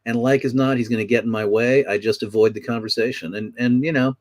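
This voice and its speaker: An older actor speaks as a guest in a casual interview. He explains his craft in a thoughtful, articulate way with a wry edge. His voice is mid-pitched for a man. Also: fairly even intonation, fast, darkish tone.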